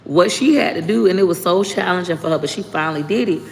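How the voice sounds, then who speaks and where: A woman, hosting a livestream and giving frank, profane, lively life advice. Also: fairly low pitch, quick pace. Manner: frank, profane, animated storytelling. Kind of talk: casual livestream chat. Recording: long reverb, faint background noise.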